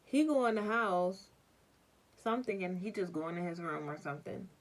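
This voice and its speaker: A young adult woman telling a personal story in a casual vlog, animated and full of slang. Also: lowish voice, moderate pace. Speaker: vlogger.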